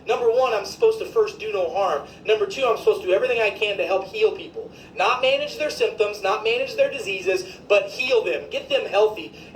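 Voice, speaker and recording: A woman physician, delivering an indignant, emphatic, profane rant to her viewers. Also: medium pitch. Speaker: physician commentator. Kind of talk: ranting video commentary. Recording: echoey room, faint background noise.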